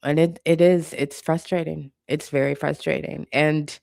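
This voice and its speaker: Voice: mid-range voice, steady tone, normal speed, vocal fry, a little mellow, no echo, clean studio sound. A channel host giving an impassioned commentary monologue, blunt and profane, hammering points home with repetition.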